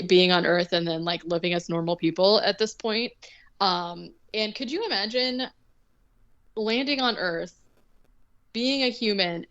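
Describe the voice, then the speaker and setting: A woman's voice: fairly low pitch, a bit bright, dull audio. A woman co-hosting a podcast, loosely recapping a movie plot with lots of filler words and restarts. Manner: rambling summary full of filler words. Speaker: podcast co-host.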